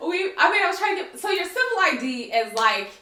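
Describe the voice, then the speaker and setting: An American woman with a high, bright voice tells a story in a loose, animated way, full of swearing. Her pitch leaps around as she acts out what everyone said. The room around her rings with a clear echo. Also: fast talker. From United States. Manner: animated, profane, acts out dialogue. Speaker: guest, longtime expat. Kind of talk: casual storytelling.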